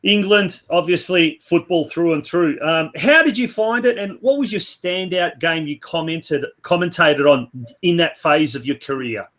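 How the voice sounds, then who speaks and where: High-voiced man asking rambling questions. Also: moderate pace, fairly bright tone. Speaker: podcast co-host. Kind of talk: casual podcast interview.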